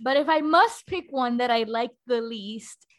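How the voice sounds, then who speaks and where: A woman co-hosting a casual movie review chat, animated and profane, switching between English and Spanish. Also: fairly high pitch, measured pace.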